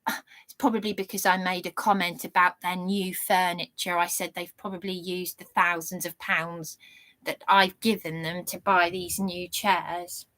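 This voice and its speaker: A woman's voice: mid-range voice, fairly bright tone, no room sound. A woman vlogging an indignant, ranting monologue with sarcastic jabs. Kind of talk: angry monologue to camera.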